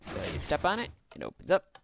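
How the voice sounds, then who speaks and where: A man's voice: high-pitched, wildly swooping pitch, brisk, vocal fry, noisy background. A man giving casual, rambling gameplay commentary as he shows a build, with frequent filler sounds. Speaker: gameplay video host.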